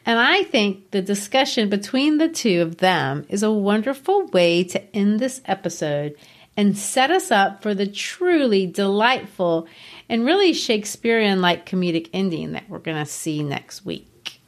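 A woman hosting a book discussion podcast at an ordinary middle pitch. She recaps and narrates with enthusiasm, like a storyteller. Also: lively intonation, a little slow. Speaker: podcast host.

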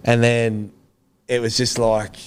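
A man in his thirties with an Australian accent, a former rugby league player telling rambling stories in a relaxed interview. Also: mid-range voice, slow pace, smooth. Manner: laid-back, rambling anecdotes with slang. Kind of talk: casual interview storytelling.

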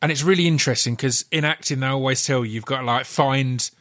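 A man's voice: medium pitch, fast, a bit bright. A man hosting a casual interview, enthusiastic and easygoing as he chats with his guest. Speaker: podcast host.

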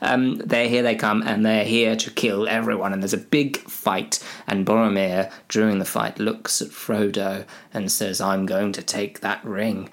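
A man's voice: on the low side, little pitch movement, a little slow, few pauses. A man with a rambling, self-mocking manner, retelling a story for comedy with lots of fillers. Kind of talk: rambling comic plot retelling.

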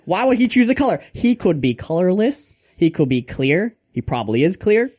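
A man's voice: high voice, very animated, brisk, darkish tone. A man putting on Father Grandfather, a rambling preacher. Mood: preachy. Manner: mock-preachy, absurd sermonizing. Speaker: character from podcast RPG.

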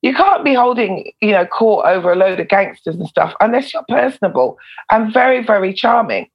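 A woman, a former prison officer and comedian, telling stories in a casual interview, animated and swearing freely. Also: mid-range voice, fairly quick, dull audio. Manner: animated, swears freely, laughs between lines. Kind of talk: casual storytelling in a podcast interview.

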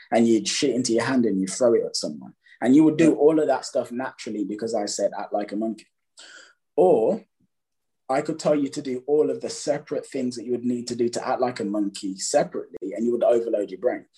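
Male dating coach, husky and mellow tone, emphatic, acts out his examples. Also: mid-range voice, low-quality recording. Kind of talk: casual advice chat.

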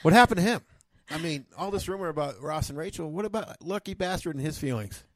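A man co-hosting a casual podcast, trading deadpan jokes and laughing often. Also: on the high side, fast. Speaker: podcast co-host. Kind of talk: joking casual chat.

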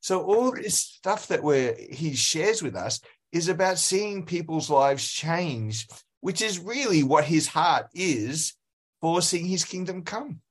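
A man hosting an interview podcast, telling a story in an animated way. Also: a little high, takes it slowly, husky. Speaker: podcast host. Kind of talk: casual interview talk.

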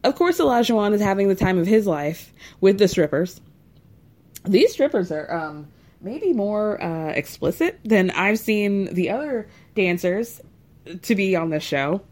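A woman's voice: medium pitch, lively intonation, measured pace, a little mellow. Snarky chatty woman recapping TV. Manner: chatty and snarky, with many fillers and asides. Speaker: podcast host recapping a reality show. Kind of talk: casual chat.

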